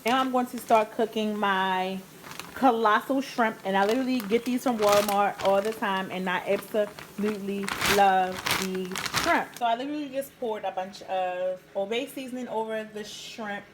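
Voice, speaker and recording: A woman's voice: medium pitch, a little slow. Woman, home cook vlogger, casual tutorial tone, noisy kitchen sound. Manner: chatty, talks to viewers as "guys".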